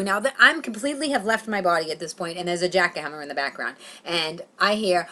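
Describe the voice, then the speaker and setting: A young woman telling a comic story in a vlog, animated and self-mocking, acting out her own thoughts. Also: lowish voice, fast. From Boston, Massachusetts. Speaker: comedian.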